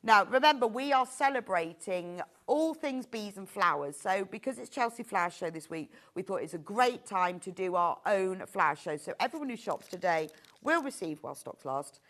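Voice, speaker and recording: A woman's voice: medium pitch, animated, moderate pace, fairly bright tone. Lady hosting a live sewing shop show, chatty, gushy, middle aged. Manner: chatty and enthusiastic, gushing over products. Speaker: shopping channel presenter. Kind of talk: live sales presentation.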